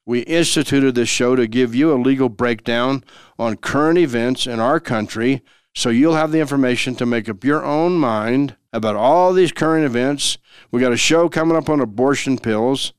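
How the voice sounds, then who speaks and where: A man's voice: mid-range voice, normal speed, clean tone, dry recording, studio quality. A man hosting a legal explainer podcast, folksy and repeating his key phrases for emphasis. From Denver, Colorado. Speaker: podcast host and lawyer.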